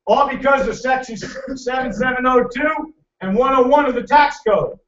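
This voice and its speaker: A man presenting a financial seminar to a live audience, loud, emphatic and hectoring as he teases the crowd. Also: very high voice, moderate pace, a little hiss or hum. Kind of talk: motivational seminar lecture. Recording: echoey, distant, dull room recording.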